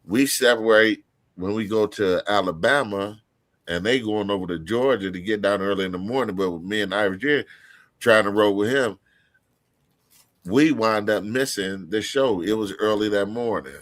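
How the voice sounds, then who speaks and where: Give me a man with a lowish voice, a rambling podcast guest who swears a lot and keeps starting his sentences over. The sound is dry and close, with no room echo. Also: normal speed. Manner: rambling, profane, restarts mid-sentence. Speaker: guest storyteller. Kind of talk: casual podcast storytelling.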